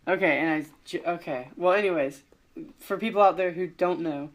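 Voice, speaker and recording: A man's voice: sits high, brisk. A young man co-hosting a casual podcast, rambling through an improvised story with lots of fillers and restarts, joking along the way. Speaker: podcast co-host.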